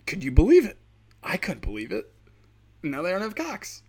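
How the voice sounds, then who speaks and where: A man rambling alone on his podcast, swearing freely, laughing at his own jokes and breaking into quick impressions of other people. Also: sits high, huge pitch swings, a little mellow, slightly rough. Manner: acts out quoted people in sudden bursts. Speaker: podcast host. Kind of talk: solo podcast rant.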